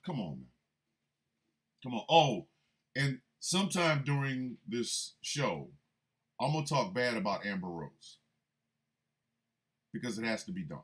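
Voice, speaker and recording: A man hosting a radio show, delivering a comedic rant with an animated, incredulous manner and sudden loud outbursts. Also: fairly low pitch, moderate pace, pauses often.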